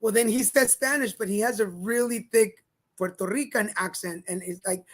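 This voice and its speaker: A man co-hosting a casual livestream chat show, telling a story in a lively way and acting out the other people in it. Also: sits high, normal speed. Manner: animated storyteller, acts out quoted lines. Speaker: co-host.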